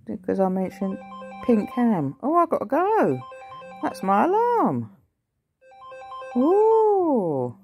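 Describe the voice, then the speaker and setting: Very high, sing-song woman meowing. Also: wildly swooping pitch, extremely slow, pauses often, a little mellow, husky, no echo, faint music behind. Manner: sing-song meowing and baby talk to a cat. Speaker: pet owner vlogger. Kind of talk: casual talk to a pet.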